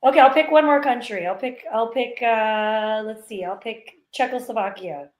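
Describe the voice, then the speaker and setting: A woman co-hosting a casual sports chat, answering calmly and with good humor. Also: fairly high pitch, normal speed, echoey room, a little hiss or hum. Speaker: sports show co-host.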